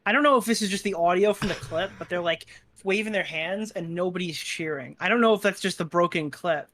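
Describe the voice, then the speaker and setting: A man's voice: high-pitched, fairly quick, a bit bright, a little hiss or hum. Profane, incredulous male streamer guest. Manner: profane, incredulous, filler-heavy storytelling. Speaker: guest commentator. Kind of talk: casual podcast chat.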